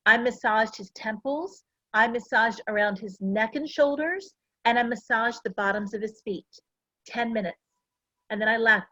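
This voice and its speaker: A woman's voice: on the high side, fairly bright tone, no echo. Earnest chatty woman, slightly dull dry sound. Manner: chatty, earnest, full of personal stories. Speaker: essential oils presenter. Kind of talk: casual product talk to a class.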